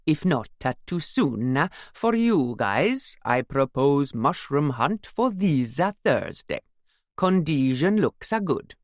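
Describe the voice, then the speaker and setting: A woman voicing an amorous Italian man in a broad, exaggerated Italian accent, with halting, broken phrasing. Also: low-pitched, very animated, no echo, studio quality, heavily acted. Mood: mocking. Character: amorous Italian man, text read mockingly.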